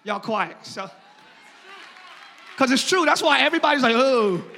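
A male pastor preaching a sermon in a church, impassioned, swinging from quiet sarcasm to shouting. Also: very high-pitched, expressive, normal speed, creaky, big-room sound, some chatter behind, a little hiss or hum. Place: church sanctuary.

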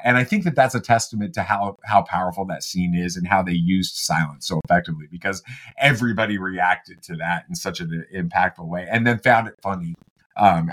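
A middle-aged man on a casual podcast, telling a story with animated energy and many halting restarts. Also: low voice. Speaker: podcast co-host. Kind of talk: casual chat.

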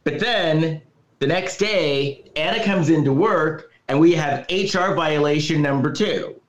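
A man's voice: fairly high pitch, unhurried, roomy sound. A man co-hosting a podcast, recapping a movie's plot scene by scene in casual chat and laughing as he goes. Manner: laughing, storytelling recap with quoted lines. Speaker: podcast co-host.

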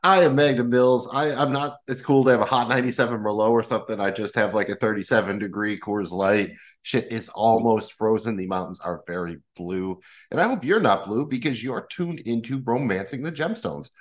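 A man's voice: lowish voice, fairly quick. A man co-hosting a TV-show podcast, laid-back and goofy, with some swearing. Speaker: podcast co-host. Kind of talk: casual podcast chat.

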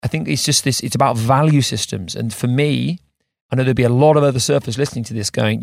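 A man in his thirties hosting a surf podcast, animated in chat and soft and slow when guiding breathing. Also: medium pitch, gravelly, dry recording, studio quality. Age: 30s. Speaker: podcast host.

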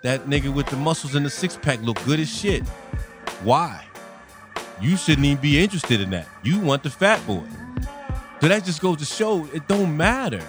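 A man in a casual monologue rant, blunt, profane and exasperated. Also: mid-range voice.

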